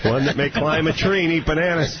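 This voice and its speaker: A man hosting a radio show, interviewing a comedian and tossing in quick wisecracks. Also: a little high. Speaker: radio host. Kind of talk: interview banter. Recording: dull lo-fi radio broadcast with noise.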